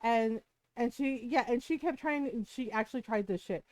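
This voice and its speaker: A woman's voice: on the high side, normal speed, darkish tone, dry recording. A woman streamer chatting casually at home, rambling and swearing, with frequent fillers and tag questions. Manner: rambling, profane, with frequent "like" and "right?". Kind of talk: casual chat.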